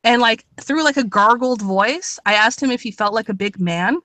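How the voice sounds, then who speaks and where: A woman's voice: on the high side, moderate pace, pushed and bright, no room sound. A young woman telling a story in a casual chat, rambling with lots of "like" and swearing. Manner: rambling, many "like"s, swears, laughs a lot. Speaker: podcast co-host.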